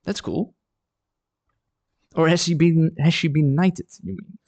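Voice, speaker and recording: A man's voice: on the high side, animated, slow, a little mellow, no echo, muffled recording. A chatty man from the Netherlands, talking casually on a live stream from his art studio and often repeating words as he thinks. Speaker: ceramic artist streaming live. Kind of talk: casual livestream chat.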